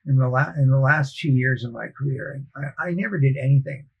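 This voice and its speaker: A man in casual conversation, recounting his sales career in a measured, logical way and acting out past exchanges with customers. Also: mid-range voice, slightly rough, dull audio.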